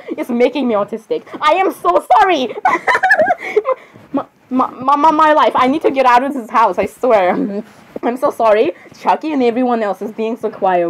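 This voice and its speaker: Excitable woman, lively high voice. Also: poor audio. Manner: excitable, giggly, full of exclamations. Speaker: video creator reacting to drawings. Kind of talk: casual reaction commentary.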